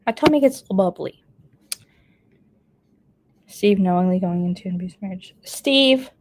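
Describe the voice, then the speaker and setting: A woman's voice: lowish voice, lively intonation, normal speed, pauses often, darkish tone. Chatty woman streamer reading comments. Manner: chatty, laughs often while reading comments aloud. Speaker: live streamer reading chat. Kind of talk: casual live-stream chat.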